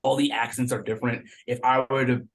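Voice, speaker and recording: A man on a film review podcast panel, talking in animated bursts and correcting himself mid-sentence. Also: medium pitch, a little fast. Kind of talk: casual podcast discussion.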